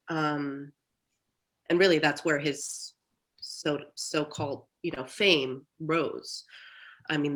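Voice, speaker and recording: A woman speaking candidly as a therapy client, talking in a halting, reflective way with many restarts, over a video call. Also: low-pitched, a bit bright, low-quality recording. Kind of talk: candid personal talk.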